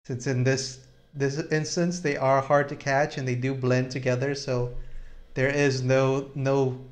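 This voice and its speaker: A man hosting a casual live stream about comics. He talks at a middle pitch in a relaxed, halting way, often starting a sentence over before finishing it. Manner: relaxed, halting, with many restarts. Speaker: host.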